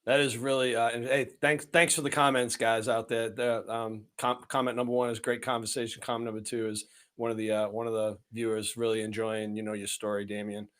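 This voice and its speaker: A man's voice: medium pitch, flat delivery, fairly quick, hardly any pauses, a bit bright. A man hosting a podcast, easygoing and conversational, often repeating words as he thinks. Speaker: podcast host. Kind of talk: casual chat.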